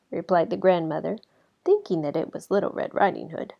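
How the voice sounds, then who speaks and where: Gravelly-voiced woman reading a storybook. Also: on the low side. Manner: expressive, slowed for effect. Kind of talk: storybook read-aloud. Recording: slightly dull lo-fi recording.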